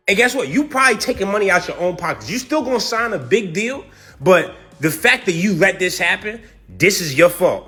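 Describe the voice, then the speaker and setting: A man with a high, lively voice runs his podcast like a roast. His commentary is brash, profane and mocking, and his pitch swings widely as he builds each point. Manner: self-styled hater roasting the subject. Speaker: podcast host.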